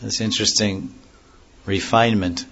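A man giving a devotional lecture in a measured, explanatory way, often repeating and restarting phrases. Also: fairly low pitch, steady tone, fairly bright tone, highs cut off, a little hiss or hum. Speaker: religious teacher.

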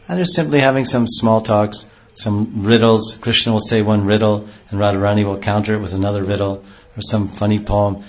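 Low-voiced man giving a devotional lecture. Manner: rambling, with many restarts and acted quotes. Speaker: spiritual teacher. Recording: dull lo-fi recording.

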